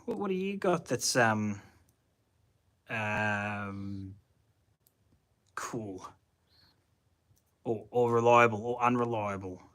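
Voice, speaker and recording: A man's voice: lowish voice, slow, long pauses, a bit bright. A man with a broad Australian accent, hosting a casual live chat from his shed and thinking aloud in a rambling, slangy way. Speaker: channel host answering live chat. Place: home shed at night.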